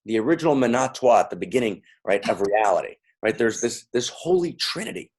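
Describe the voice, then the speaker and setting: A man's voice: medium pitch, big pitch swings, brisk, darkish tone, slightly rough. A man giving a playful, interactive talk to a live audience, calling out to them and repeating lines. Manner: playful, repetitive, calling out to the crowd. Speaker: speaker.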